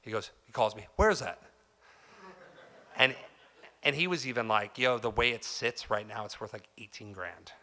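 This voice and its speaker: A man's voice: fairly low pitch, moderate pace, sharp tone. A man giving a guitar clinic in a music store, telling a story to a live audience in a loose, chatty way and acting out the quotes. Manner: chatty and loose, heavy on "like" and "dude", acts out quotes.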